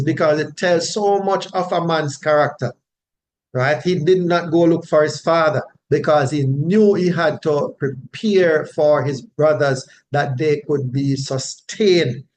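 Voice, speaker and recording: A man's voice: fairly high pitch, slight background noise. A man teaching the Bible verse by verse in an explanatory way, often checking in with his listeners. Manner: unhurried, explanatory, frequent tag questions.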